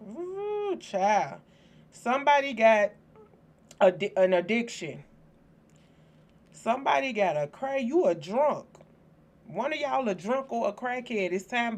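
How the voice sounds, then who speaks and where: A woman's voice: fairly high pitch, slight background noise. A woman hosting a spiritual channel, talking casually and bluntly to her viewers, joking and cursing freely. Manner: blunt, profane, joking, speaks straight to viewers.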